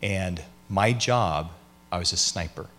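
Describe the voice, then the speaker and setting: A man's voice: low voice, slow, fairly bright tone. A man, a pastor, answering an audience question by telling a story in a conversational way, acting out the people he quotes. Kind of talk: teaching session with audience questions.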